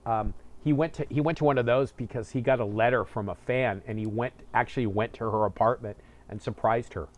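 A man's voice: mid-range voice, a little fast, hardly any pauses. A man co-hosting a podcast, chatting casually and joking around with a friend about movies and shows. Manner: jokey, slips into playful put-on old-timey voices. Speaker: podcast co-host. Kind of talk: casual chat.

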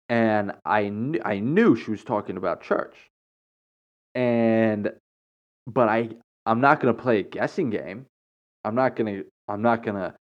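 A man's voice: fairly low pitch, lo-fi sound. A young man telling a casual, rambling story, saying "like" constantly, blunt and matter-of-fact.

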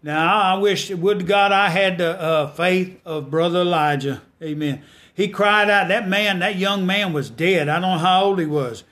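A man's voice: high voice, normal speed, fairly bright tone. A man preaching a sermon in a folksy way, repeating phrases and rising to fervent exhortation.

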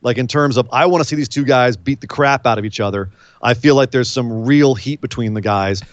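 A man co-hosting a casual wrestling podcast, telling match stories with energy and quick asides. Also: medium pitch, dry recording, lo-fi sound. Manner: animated storyteller, mimics wrestlers' voices. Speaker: podcast co-host. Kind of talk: casual wrestling recap chat.

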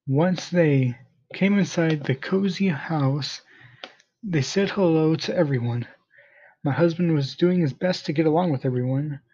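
A man reading a first-person story aloud in a plain, steady manner, in a dull lo-fi recording. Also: fairly high pitch, a little slow.

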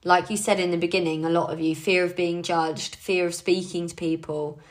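A woman's voice: lowish voice, little pitch movement, moderate pace. A young woman leading her team in a casual motivational talk, chatty and encouraging, with frequent fillers. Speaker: team leader.

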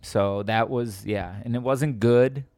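A man's voice: medium pitch, takes it slowly, no echo. A man co-hosting a casual chat, telling stories and acting out the people he quotes. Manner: animated, acts out quoted voices.

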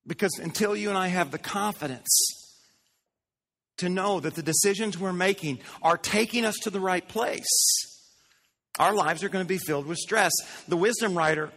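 A pastor delivers an emphatic sermon in a high, bright voice, asking the crowd questions and repeating lines for effect. His voice rings with the long reverb of a church sanctuary. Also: normal speed, pauses often. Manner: emphatic, repeats phrases and asks the congregation questions.

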